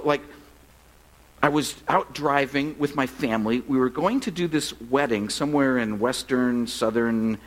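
A middle-aged man preaching as a pastor, telling funny stories in a relaxed, conversational way. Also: on the high side, low-quality recording. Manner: conversational, humorous storytelling. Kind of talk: sermon.

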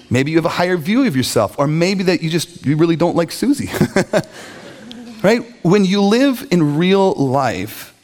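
Animated man preaching with lively pitch. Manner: animated storytelling, acts out quotes, laughs often. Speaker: pastor. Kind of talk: sermon.

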